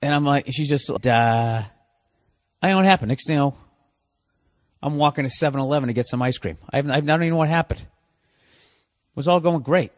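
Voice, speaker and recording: A man's voice: on the high side, brisk, pauses often, no room sound, clean studio sound. A man in his forties hosting a solo podcast, ranting with profane sarcasm. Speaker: podcast host.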